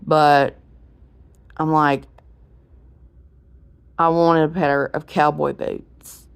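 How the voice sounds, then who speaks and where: A woman's voice: deep voice, gravelly. A woman, telling a rambling story in a casual vlog while unwell. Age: 40s. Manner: rambling, chatty, with frequent restarts. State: unwell, clearing throat. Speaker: vlogger.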